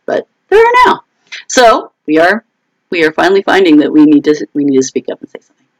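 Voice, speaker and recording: A woman from the United States hosts a casual live stream, reading out viewer comments and answering them by name. Her pitch swings widely as she talks. She restarts her sentences often, laughs in short bursts, and jumps into high, raised voices when she quotes other people. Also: huge pitch swings, a little fast, poor audio. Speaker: author hosting a live chat.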